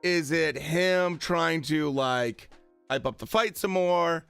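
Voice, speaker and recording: A man's voice: fairly high pitch, slow pace, a bit bright, clean tone, faint music behind. A man chatting casually on a live stream about boxing, with many fillers and retold quotes.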